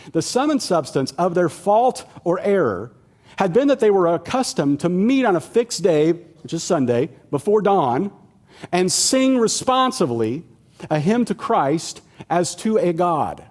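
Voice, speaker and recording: A man's voice: sits high, sing-song, normal speed, a little mellow. A man preaching a sermon in a conversational, humorous way, acting out the voices of the people he quotes. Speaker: pastor.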